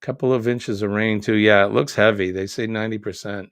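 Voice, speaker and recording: Gravelly-voiced man chatting on a live stream. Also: lowish voice, steady tone, a little fast, no room sound, studio quality. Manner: chatty, joking, reads comments aloud. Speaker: live stream host reading viewer comments. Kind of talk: casual live chat.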